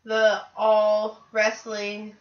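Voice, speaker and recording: A woman co-hosting a casual podcast, chatty and quick to laugh. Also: mid-range voice, completely flat delivery. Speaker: podcast co-host. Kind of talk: casual chat. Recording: echoey lo-fi room audio.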